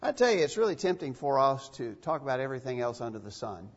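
A man's voice: medium pitch, sing-song, quick pace. A man preaching a sermon in a church, emphatic and given to repeating phrases for stress. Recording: dull, echoey church recording.

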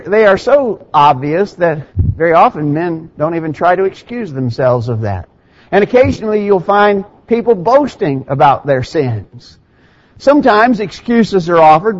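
Man preaching in a dull lo-fi recording. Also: sits high. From Middle Tennessee. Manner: plain conversational preaching, dry ironic opening, reads scripture aloud. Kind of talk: sermon. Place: church sanctuary.

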